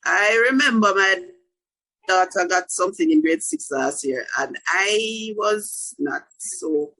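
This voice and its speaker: A woman's voice: medium pitch, lively intonation, slow, pushed and bright, breathy edge, low-quality recording. A woman counselor, leading an online parenting workshop over a video call, earnest and often checking in with her listeners.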